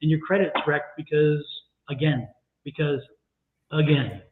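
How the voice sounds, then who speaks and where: A man co-hosting a livestream tarot reading, deliberate and emphatic with a wry edge. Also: on the high side, steady tone, a little hiss or hum. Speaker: tarot reader and co-host. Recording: tinny phone-like sound in an echoey room.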